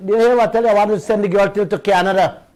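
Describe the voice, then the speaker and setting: A man with a Guyanese accent hosting a radio talk show, telling stories in an animated, indignant way and repeating himself. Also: sits high, very fast, rough recording. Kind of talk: heated talk radio monologue.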